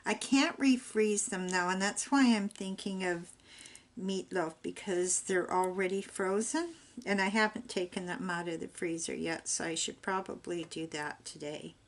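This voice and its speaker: A woman's voice: on the low side, moderate pace. An older woman chatting in a rambling, homey way while she works on a craft project. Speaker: craft vlogger.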